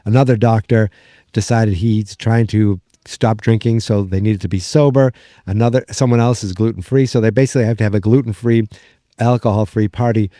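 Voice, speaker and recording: A man with a New England accent recapping a sitcom episode on a podcast, rambling and excitable, with plenty of fillers and restarts. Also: on the low side, a little fast, no room sound, clean studio sound. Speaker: podcast host.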